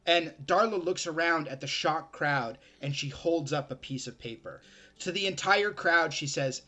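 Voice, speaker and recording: A man narrating as game master in a tabletop game, slow and hesitant with many fillers. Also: fairly high pitch, sharp tone.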